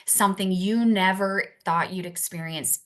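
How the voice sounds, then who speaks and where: A woman's voice: mid-range voice, moderate pace, a bit bright. A young adult woman giving an earnest, reassuring talk to parents, repeating her key phrases. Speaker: family support speaker for parents.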